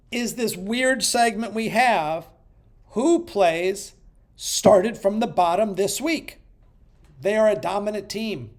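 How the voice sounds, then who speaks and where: A man hosting a podcast, counting down rankings, swinging between hyped shouting and muttered asides. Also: high-pitched. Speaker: podcast host.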